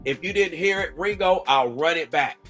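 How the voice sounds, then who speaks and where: A man's voice: on the high side, normal speed, a bit bright, soft background music. A man from Georgia, hosting a mocking reaction commentary and talking back to the clip and his chat. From Georgia, USA. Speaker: commentary host. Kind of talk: reaction commentary on a played video.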